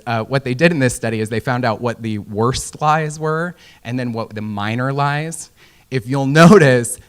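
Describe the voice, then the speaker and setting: A man's voice: mid-range voice, clear, resonant tone. A young man from Indiana giving a casual, joking conference talk with many fillers. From Indiana, USA. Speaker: conference speaker. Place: conference hall.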